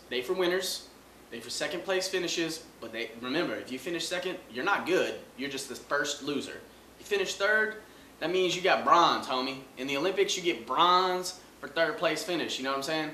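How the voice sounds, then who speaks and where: A man hosting a comedy show, riffing loudly on sports with mocking asides. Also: on the high side, expressive, normal speed, roomy sound, slight background noise. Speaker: host.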